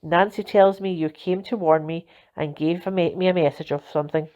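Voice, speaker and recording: A woman's voice: fairly low pitch, steady tone, moderate pace, mellow, natural voice. A woman reading as a mild, shy uncle. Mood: apologetic. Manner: mild, contrite, earnest. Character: apologetic middle-aged uncle, mild, shy, gruff. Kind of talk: storybook reading. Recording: dull lo-fi recording.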